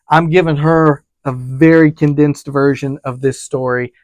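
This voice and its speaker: A man's voice: fairly high pitch, steady tone, a little slow, a little mellow, no echo. A man who works as a travel advisor, animatedly retelling a trip story with quoted dialogue and frequent fillers. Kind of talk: storytelling vlog.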